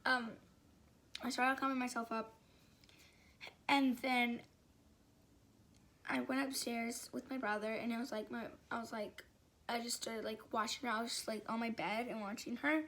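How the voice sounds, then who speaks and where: A woman's voice: a little high, flat delivery, moderate pace, long pauses, a bit bright. A woman vlogger telling a casual story, rambling and filling it with "like" and "um". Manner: rambling, filler-heavy storytelling with frequent "like".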